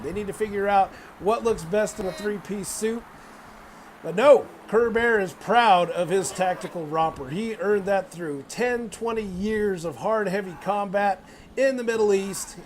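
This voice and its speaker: A young man giving excitable play-by-play wrestling commentary, swearing, laughing and bursting into loud exclamations. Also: high voice, slight background noise. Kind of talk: play-by-play commentary on a video game wrestling match.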